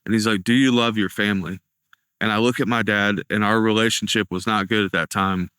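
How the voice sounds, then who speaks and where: A man's voice: lowish voice, steady tone, a little fast, pushed and bright, clean tone, dry recording, clean studio sound. A young man earnestly tells his recovery testimony, acting out the dialogue he quotes. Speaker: testimony speaker.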